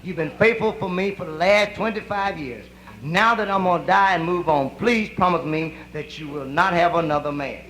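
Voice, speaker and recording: A dying old preacher, played by a male comic, begs his wife for a promise. He speaks softly and slowly, a bit lower than the storyteller's usual voice, inside a raunchy nightclub routine. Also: a little hiss or hum, low-quality recording. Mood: pleading.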